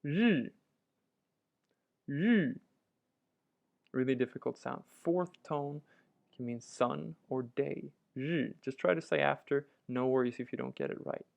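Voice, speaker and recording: A man's voice: mid-range voice, moderate pace, creaky. A man teaching a language lesson, patiently walking through each example and repeating it. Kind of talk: instructional walkthrough.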